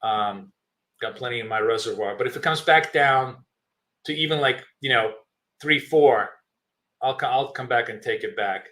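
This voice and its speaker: A man's voice: medium pitch, moderate pace, a bit bright. A man hosting a live trading stream, thinking aloud with many fillers and restarts while chewing gum.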